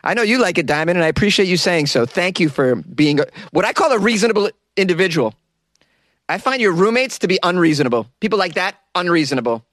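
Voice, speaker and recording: A man's voice: high-pitched, expressive, quick pace, a bit bright, no echo. A man hosting a podcast from a small closet studio, chatting casually in a joking, rambling way. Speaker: podcast host. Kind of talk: casual chat.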